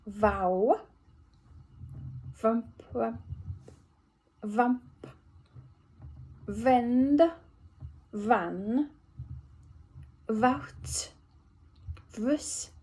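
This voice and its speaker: An English woman works slowly through a word list, shaping each sound with careful, effortful precision as she relearns speech after a brain injury. Her voice is low-toned and mellow with a gravelly, husky grain. She pauses between each word at a very unhurried pace. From England. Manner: slow, effortful, deliberate word-by-word articulation. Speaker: vlogger recording speech practice. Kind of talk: reading a word list aloud for speech practice.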